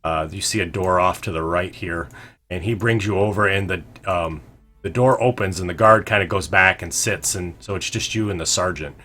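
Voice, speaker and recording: A man narrates a tabletop game as game master in a lowish voice. He halts often, filling gaps with ums and uhs and correcting himself. Faint background music plays underneath. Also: pushed and bright. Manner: halting, full of ums and uhs, self-correcting.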